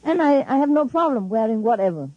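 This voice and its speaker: A woman's voice: a little high, lively intonation, fast talker, husky, no room sound, muffled recording. A woman spiritual teacher talking informally and emphatically to her followers, laughing often and speaking in non-standard English.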